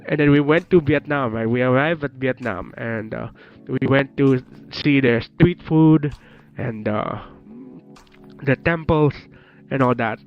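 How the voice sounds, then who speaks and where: A man's voice: medium pitch, unhurried. Sick male streamer, rambling and laughing. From Philippines. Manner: rambling, laughs often, casual swearing. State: sick, voice changed. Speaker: VTuber streamer. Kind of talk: casual chat. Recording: dull lo-fi with faint music.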